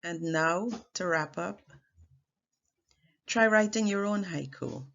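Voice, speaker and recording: Slow, low-voiced woman teaching poetry. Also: lively intonation, gravelly, fairly bright tone, dull audio. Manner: slow, deliberate teaching with measured pauses. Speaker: teaching artist. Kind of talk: poetry lesson.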